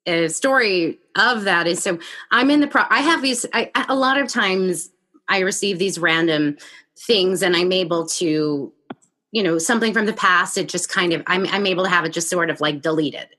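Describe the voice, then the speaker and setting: Animated woman telling a story. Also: lowish voice, normal speed. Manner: animated storyteller, acts out her own reactions. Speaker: podcast host. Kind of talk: casual conversational interview.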